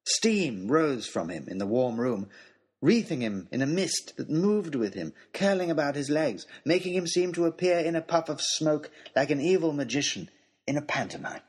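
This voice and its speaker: A male storyteller reading an adventure tale with a lively, swooping delivery. His voice sits a little high and has a husky edge. He throws himself dramatically into each turn of the story. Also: normal speed. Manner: dramatic, animated first-person reading. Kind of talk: expressive storybook narration.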